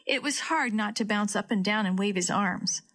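Female storyteller, clear children's-story narration, middle pitch. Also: normal speed, fairly bright tone.

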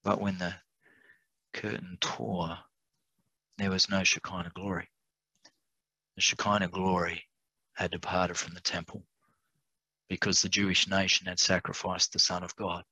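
Male preacher, sermon Bible study, emphatic, slows on key words, low voice, dry close sound. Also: little pitch movement, sharp tone, breathy edge, no echo, rough recording. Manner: reads scripture aloud from a study guide.

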